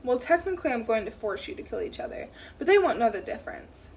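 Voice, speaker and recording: A woman's voice: on the high side, very animated, quick pace, darkish tone, a little hiss or hum. A woman reading as a smug male killer. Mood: taunting. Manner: smug, taunting. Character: menacing male serial killer, calm and smug.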